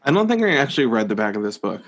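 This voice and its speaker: Male podcast co-host, playful, laughs often, very lively pitch. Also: racing, a little hiss or hum. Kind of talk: casual chat.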